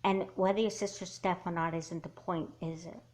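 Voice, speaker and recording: A woman voicing a calm, blunt teenage girl in a doll movie, asking pointed questions in a level way. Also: lowish voice, moderate pace, natural voice. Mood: advising.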